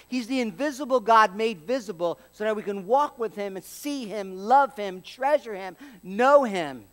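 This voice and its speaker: High-voiced man preaching with big swings. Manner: dynamic preaching with wide swings between loud emphasis and quiet; humorous asides. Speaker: pastor. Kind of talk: sermon.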